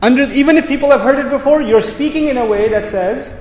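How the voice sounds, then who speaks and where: A man's voice: very high voice, quick pace, hardly any pauses. A man teaching a lecture on Quranic word meanings, explaining with energy and repeating his key words. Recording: echoey hall reverb.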